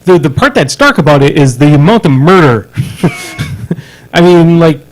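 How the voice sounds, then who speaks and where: A man co-hosting a live-streamed podcast, chatting casually, animated and laughing often, stumbling and restarting his sentences. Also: a little high, normal speed, poor audio. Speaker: podcast co-host. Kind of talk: casual chat.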